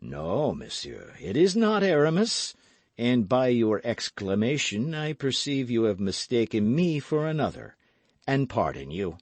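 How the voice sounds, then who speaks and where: A man reading an audiobook, voicing a composed foreign nobleman who answers in curt, measured replies. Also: lowish voice, wildly swooping pitch, darkish tone, breathy edge, dry recording, heavily acted. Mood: cool. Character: noble foreign male lord, composed and cool. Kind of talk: audiobook character voice.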